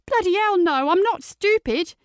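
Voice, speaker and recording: A woman voicing an upset teenage girl, speaking high and quick in an audiobook. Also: no echo, studio quality. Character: distressed teenage girl, tearful and defiant.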